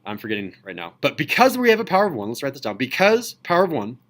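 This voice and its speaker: A man's voice: medium pitch, huge pitch swings, rapid-fire, fairly bright tone. Male teacher, mid-range voice, enthusiastic classroom lecture, quizzes the room as he goes. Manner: enthusiastic, asks students questions. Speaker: high school math teacher.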